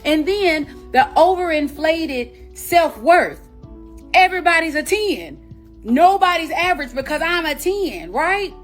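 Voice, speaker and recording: A woman's voice: extremely high pitch, lively intonation, a little slow, faint music behind. A woman with doing sassy, questioning casual commentary.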